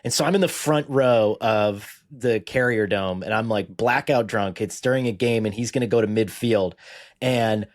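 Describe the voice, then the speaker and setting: A man's voice: lowish voice, moderate pace. A man chatting casually on a sports podcast, telling rambling self-mocking stories with profanity. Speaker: guest football writer.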